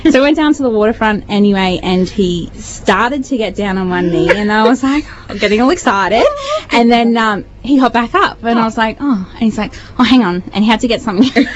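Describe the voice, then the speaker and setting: A woman's voice: on the high side, a little fast, slight background noise. A young Australian woman, a singer guesting on a radio show, chatting casually and telling stories with lots of giggles. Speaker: singer in a duo, studio guest. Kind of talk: casual radio interview chat. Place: radio studio. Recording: dull lo-fi radio recording.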